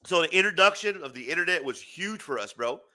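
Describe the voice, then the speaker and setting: A man in his forties with a slightly high voice talks fast as he hosts a comics talk show. It's a casual late-night rant, animated and full of swearing, and he laughs often.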